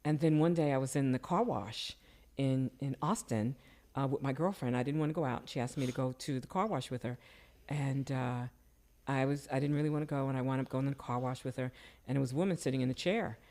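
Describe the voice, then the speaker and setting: An older woman telling personal stories in casual conversation, her voice jumping up whenever she quotes someone. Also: fairly quick. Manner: animated, jumps high when quoting people. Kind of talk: casual storytelling.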